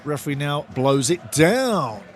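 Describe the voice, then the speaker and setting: This is a man hosting a football watch-along live, calling the action excitedly, shouting at key moments and reading out viewer comments while frequently repeating himself. He sounds a little high and unhurried, with soft music playing in the background.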